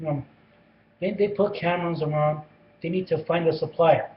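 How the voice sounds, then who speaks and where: A man with a somewhat high voice talks through a film's plot in loose, casual fashion. He stumbles, restarts and repeats himself constantly. The recording is muffled and lo-fi with a faint hiss behind him. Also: moderate pace. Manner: rambling, many restarts and repeated phrases. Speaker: movie reviewer.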